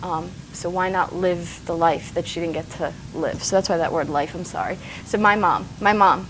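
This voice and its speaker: A woman's voice: fairly low pitch, steady tone, moderate pace, noisy background. A woman in her forties, a talk show guest, speaking earnestly while tearful and emotional. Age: 40s. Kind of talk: casual interview.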